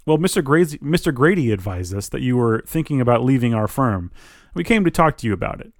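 A man's voice: medium pitch, expressive, quick pace, a little mellow, dry recording, studio quality, natural voice. A man reading aloud as a grumpy, creepy old woman from HR who speaks in clipped, threatening lines.

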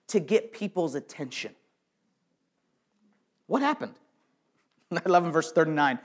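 Man preaching, soft to loud. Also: on the high side, expressive, moderate pace, pauses often. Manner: emphatic, swinging between soft and loud; repeats words and restarts often. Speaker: pastor. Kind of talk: sermon.

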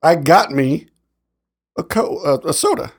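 A man with a slightly high, husky voice chats casually and unhurriedly on a podcast. He's an animated storyteller who laughs often as he tells his stories.

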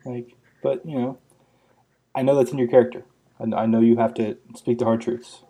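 Male podcast co-host, teasing banter, husky voice. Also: mid-range voice, flat delivery, normal speed, mellow.

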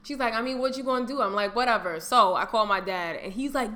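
A young woman co-hosting a podcast, telling a story with lots of profanity. Her voice sits a little high and sounds bright and sharp. She moves from quiet asides to loud outbursts. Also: fast, hardly any pauses. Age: young adult. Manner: animated, swings to loud outbursts and mock voices; heavy profanity, slangy. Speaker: podcast co-host. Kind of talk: casual storytelling chat.

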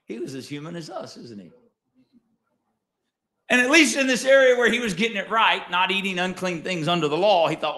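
A man preaching a sermon as pastor, swinging between quiet asides and loud emphatic lines and asking the congregation questions. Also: high voice, sing-song, a little fast. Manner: conversational, asks the congregation questions.

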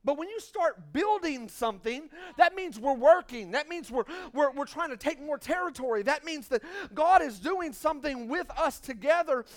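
High-voiced pastor preaching with punchy humor. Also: male voice, expressive, normal speed, few pauses. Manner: humorous, call-and-response urging "come on somebody"; swings between loud emphatic bursts and quiet asides. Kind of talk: sermon. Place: church before a congregation.

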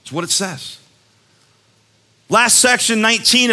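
High bright-voiced male youth preacher. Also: normal speed, pauses often. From West Virginia. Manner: animated storytelling, jokey asides. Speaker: youth speaker. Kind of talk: casual sermon talk.

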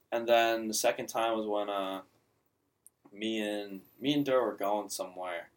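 A man's voice: on the low side, steady tone, fairly quick, recorded from a distance. A young man in casual podcast chat, telling a rambling story full of filler words.

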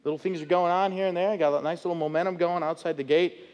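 A man preaching an expository sermon as pastor, animated and acting out voices of people in the story. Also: a little high, fast talker, in a large hall. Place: church sanctuary.

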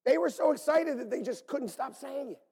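A man preaching a sermon as pastor, animated and swinging from loud calls to hushed near-whispers. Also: very high voice, brisk, creaky, long reverb tail.

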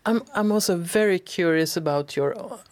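Lady interviewer, kinda low voice, stumbles a bit asking stuff. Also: normal speed, a little mellow. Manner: hesitant, repeats words when asking. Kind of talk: interview questions.

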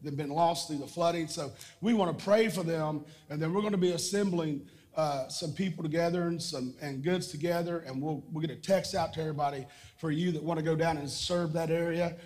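Male pastor with a high voice, preaching emphatically to a congregation; echoing sanctuary. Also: darkish tone. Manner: emphatic preaching, drawn-out repetition. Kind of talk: sermon with prayer and call-and-response. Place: church sanctuary. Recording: church hall reverb.

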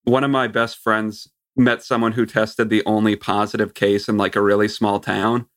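Man, podcast guest, lowish voice, laid-back, hesitant casual chat. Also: little pitch movement, moderate pace, fairly bright tone. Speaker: guest, host's brother.

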